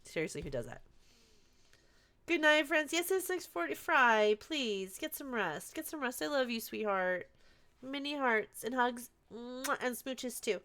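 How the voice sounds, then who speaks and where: Bubbly high-voiced woman streamer. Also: very animated, unhurried, fairly bright tone. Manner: bubbly, giggly, affectionate with chat. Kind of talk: live game stream chat.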